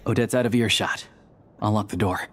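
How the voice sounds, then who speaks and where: In a video game, an actor voices a calm, discreet young man belonging to a secret society. His voice sits on the low side, and he explains things in a measured way.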